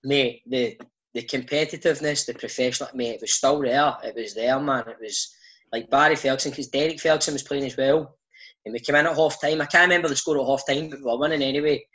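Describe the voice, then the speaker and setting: A Scottish man chatting as a guest on a talk show, telling animated anecdotes peppered with "mate" and local slang. His voice sits at an ordinary male pitch, and his talk is loose, casual and storytelling. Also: fast, poor audio. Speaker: father.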